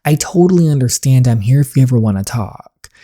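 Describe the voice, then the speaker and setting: A woman voicing a gentle loyal young male guard, dark tone, plain reading. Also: very deep voice, lively intonation, fairly quick, no room sound, clean studio sound. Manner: reads the lines plainly while playing.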